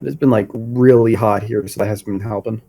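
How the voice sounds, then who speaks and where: A man's voice: lowish voice, fairly even intonation, brisk, warm tone. A man with a cold and a stuffy nose, chatting in a laid-back, joking way on a podcast. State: congested with a cold. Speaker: podcast co-host. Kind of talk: casual chat.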